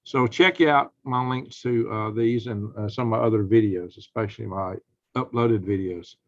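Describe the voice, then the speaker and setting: A man's voice: on the low side, normal speed, no echo. Folksy man, dry dull stream audio. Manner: folksy, rambling, gets heated and loud when indignant. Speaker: prepping channel host. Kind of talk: live-stream commentary.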